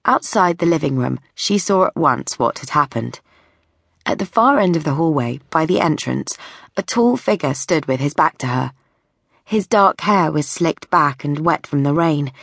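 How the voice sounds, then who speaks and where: Brief: woman audiobook narrator, lowish voice, measured and wry, close dry studio sound. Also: animated, gravelly, dry recording.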